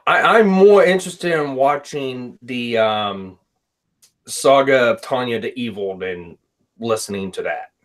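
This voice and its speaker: A man's voice: medium pitch, lively intonation, unhurried, a bit bright. A man co-hosting a casual stream, blunt and dismissive, with frequent swearing. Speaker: co-host.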